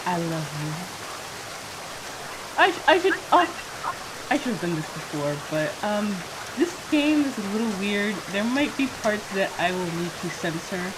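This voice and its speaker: Chatty let's play hostess. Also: female voice, mid-range voice, animated, normal speed, noisy background. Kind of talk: casual chat.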